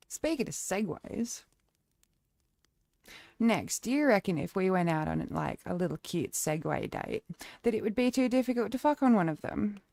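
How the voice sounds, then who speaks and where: Woman streamer, playful and crude, mid pitch, dry close mic. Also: lively intonation, unhurried, vocal fry, long pauses, mellow, no echo. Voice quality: playful, flirty, crude joking, laughs often. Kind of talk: casual livestream chat.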